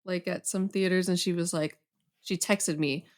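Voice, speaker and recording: A woman's voice: fairly low pitch, normal speed. A young adult woman, a guest on a horror podcast, chatting casually with lots of "um" and "like". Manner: relaxed, many fillers like "um" and "like".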